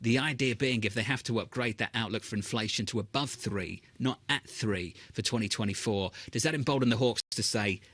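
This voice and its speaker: A man hosting live market news, brisk and briefing-like, moving from headlines to questions. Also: on the low side, fairly bright tone, husky, no echo. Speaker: news host.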